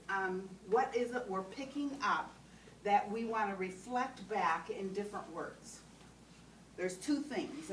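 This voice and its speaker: A woman teaching a class on compassionate listening, often checking in with "okay?" and putting questions to the group. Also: mid-range voice. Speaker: trainer. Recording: roomy sound from a distant mic with faint background noise.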